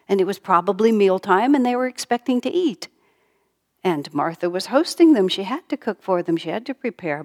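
A middle-aged woman giving a sermon, speaking gently and dropping to a soft whisper on key lines. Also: fairly low pitch. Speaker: spiritual teacher.

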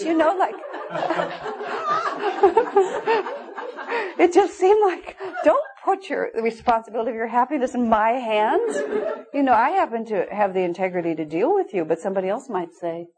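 A woman's voice: a little high, very animated, normal speed, noisy background. A middle-aged woman teaching a spiritual class, telling candid stories with frequent laughter. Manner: candid, storytelling, laughs often. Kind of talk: informal spiritual class talk.

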